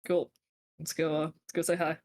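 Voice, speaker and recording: A woman's voice: sits low, little pitch movement, moderate pace, darkish tone. A cheerful woman playing a tabletop game, laughing often. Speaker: player.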